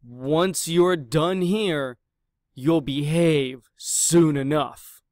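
A gruff, bossy dog trainer from a picture book, read aloud by a man. She speaks slowly and sternly. The sound is close and dry. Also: a little high, darkish tone, dry recording.

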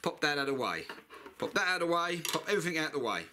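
A middle-aged British mechanic vlogger talks through a scooter repair in his workshop, blunt, chatty and swearing freely. His voice is a little high and sing-song, very fast, pushed and bright, in the style of a casual repair tutorial.

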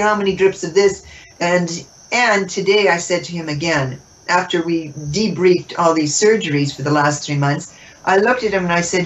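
Woman teaching, distant muffled mic. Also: lowish voice. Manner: expressive, laughs often, acts out dialogue. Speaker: interview guest. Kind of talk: spiritual teaching talk.

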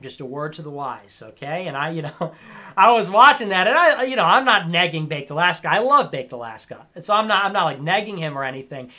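A man in his twenties giving a sarcastic, lecturing rant on a livestream, sometimes bursting into shouts. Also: fairly high pitch, expressive, brisk. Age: 20s. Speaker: streamer. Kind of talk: ranting livestream commentary.

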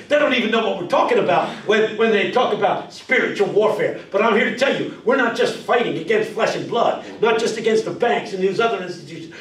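A fiery preacher booms out call-and-response lines to a congregation, as a man puts him on. His voice is high and strained by shouting. The sound is roomy and distant, with a faint hum of room noise. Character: fiery male Pentecostal preacher rousing a congregation. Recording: roomy hall recording from far off.

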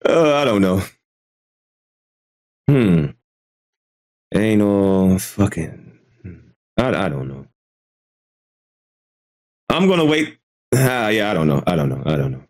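A man's voice: sits low, very animated, slow pace, pauses often, a little mellow. A man hosting a casual live commentary stream, hesitant and repeating himself, swearing freely as he reacts. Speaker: commentary channel host.

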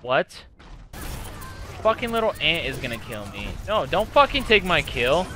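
High, swooping young man raging at a game. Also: very animated, sharp tone, a little hiss or hum. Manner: profane, quick to rage, frustrated outbursts. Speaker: gaming channel host. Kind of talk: live gameplay commentary.

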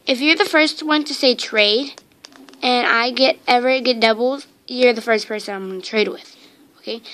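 A woman's voice: a little high, fairly bright tone, slight background noise. A woman unboxing toys on camera at home, rambling and gushing with lots of ums and repeated exclamations, into a handheld camera mic. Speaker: toy unboxing vlogger. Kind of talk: casual unboxing chat to camera.

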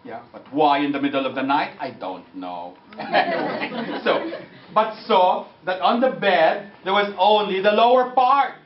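A man giving a lively, laughing lecture with anecdotes, slipping into French and phrases. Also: sits high, unhurried, background noise. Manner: animated, mixes French and Filipino phrases, laughing often. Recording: distant roomy lo-fi recording with audience.

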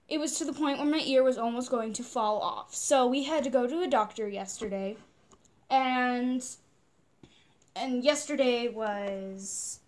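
High-voiced young woman telling a story. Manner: animated, swearing, quick reenactments of what was said. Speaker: vlogger. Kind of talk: casual storytime vlog.

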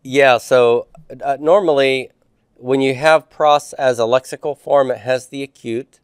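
Male teacher, clear resonant voice, patient quizzing style, dry close sound. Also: medium pitch, steady tone, a little slow, no echo. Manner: quizzing students with questions, patient. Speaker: Greek teacher. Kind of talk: classroom homework review.

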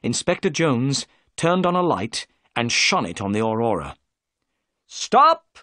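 A man giving clear, measured narration of a graded reader story. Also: mid-range voice, big pitch swings, a bit bright, no room sound, studio quality.

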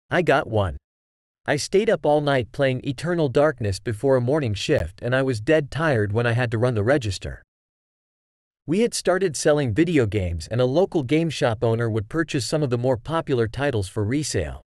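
A man reading out online stories as scripted narration, with an even read-aloud delivery. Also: mid-range voice, no echo, studio quality.

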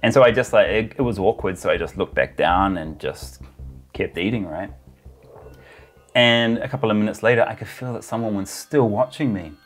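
A man's voice: lowish voice, normal speed, soft background music. A man telling a travel story in a casual, chatty way, full of filler words. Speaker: travel vlogger.

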